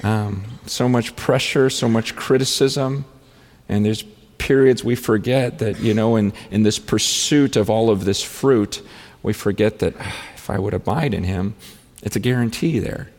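A man preaching a sermon in an earnest, halting way, with many restarts, often rising into fervent, pleading prayer. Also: fairly low pitch, darkish tone. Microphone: handheld or stand mic on stage. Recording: long hall reverb.

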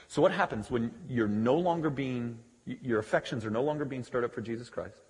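A man preaching a sermon as pastor, emphatic, moving from loud declarations to quiet conversational asides. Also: medium pitch, animated, brisk. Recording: long hall reverb.

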